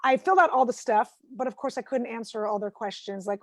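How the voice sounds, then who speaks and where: A woman comedian doing an animated, self-deprecating stand-up set from home. Her voice sits high and the sound is dry, as heard over a video call. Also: fast talker, no room sound.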